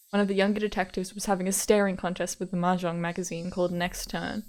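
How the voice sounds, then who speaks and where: A woman's voice: lowish voice, monotone, quick pace, hardly any pauses, a little mellow. A woman streamer reading a visual novel aloud, breaking off into giggly casual asides and playful repetitions of words.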